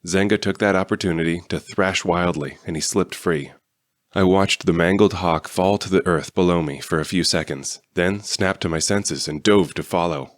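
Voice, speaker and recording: Deep-voiced guy reading a fan audiobook, steady, dry close sound. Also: normal speed, no room sound. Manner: steady storytelling. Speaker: audiobook reader. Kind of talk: first-person audiobook narration.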